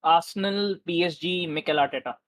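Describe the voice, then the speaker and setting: Male co-host, a touch higher voice, slow and unsure answers. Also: fairly bright tone, no room sound, low-quality recording. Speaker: podcast co-host, quiz contestant. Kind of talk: casual chat.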